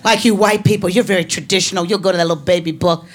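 A woman doing a stand-up comedy set in a brassy, punchy way that often breaks into shouting. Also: on the low side, very fast, few pauses. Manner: brassy, animated, punchy delivery that bursts into shouting. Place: live comedy venue. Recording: crowd laughter over a noisy live room.

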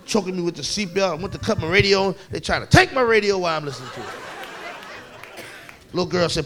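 A man doing stand-up, telling a profane story loudly and acting out the voices of the people in it. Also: high-pitched, fast talker, pauses often, slight background noise. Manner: loud animated storytelling, profane, acts out voices. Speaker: stand-up comedian. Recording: live club recording with crowd laughter. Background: audience laughing.

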